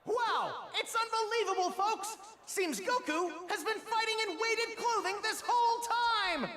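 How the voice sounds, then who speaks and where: An actor voicing an excitable male tournament announcer calling a fight in a video game. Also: extremely high pitch, measured pace, crowd noise. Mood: excited. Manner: breathless play-by-play commentary. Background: game music.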